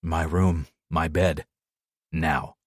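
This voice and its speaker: A man voicing a gruff, wounded male wolf shifter with a rough voice. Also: a bass voice, flat delivery, extremely slow, dry recording, clean studio sound, voice pushed down, full character voice.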